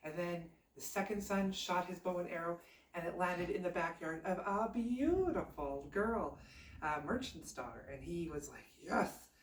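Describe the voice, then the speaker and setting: A woman telling a fairy tale aloud in a chatty, animated, conversational way. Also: on the low side, moderate pace, echoey room, far from the mic. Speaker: storyteller. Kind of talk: casual oral storytelling.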